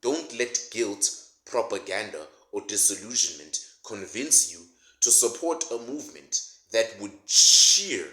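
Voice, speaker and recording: Male commentator, mocking comedic rant, animated delivery, roomy sound. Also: lowish voice. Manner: sarcastic, mocking, laughs at his own jokes. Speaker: political commentator. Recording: roomy echo.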